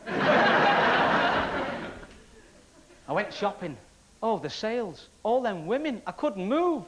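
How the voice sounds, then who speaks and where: A man's voice: high voice, sing-song, a little slow, a little hiss or hum, low-quality recording. A man from Wales performing a stand-up comedy routine with punchy joke delivery. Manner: punchy joke delivery, laughing along with the crowd. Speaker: comedian contestant.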